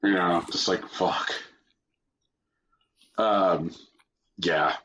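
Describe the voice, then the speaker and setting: A man co-hosting a podcast in casual chat, making wry, deadpan jokes and swearing. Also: deep voice, extremely slow, slight background noise. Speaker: podcast co-host.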